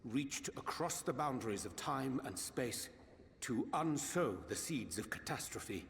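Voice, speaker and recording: A man's voice: medium pitch, animated, measured pace, creaky, fairly bright tone, long reverb tail, a little hiss or hum. An actor playing a scholarly man who speaks in ornate, old-fashioned English in game cutscene dialogue. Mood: solemn.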